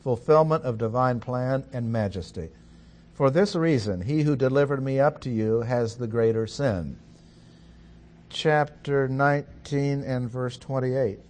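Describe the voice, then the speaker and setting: A man giving a Bible study lecture, reading scripture in a measured, deliberate way with pauses. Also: mid-range voice, darkish tone. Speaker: Bible teacher.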